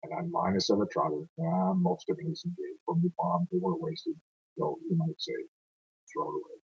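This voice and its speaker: A man's voice: a little high, very animated, brisk, creaky, husky, dull audio, voice pushed up, heavily acted. A man reading verse aloud as a wounded male soldier telling his war story, in a rhythmic recitation. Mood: grim.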